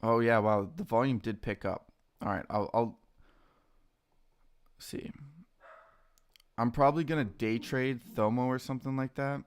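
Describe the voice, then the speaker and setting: A young man casually chatting on a live stream while trading stocks, excitable and slangy, greeting viewers by name. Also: medium pitch, unhurried, long pauses, clean tone. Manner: excitable, talks to chat and his dogs, says dude a lot.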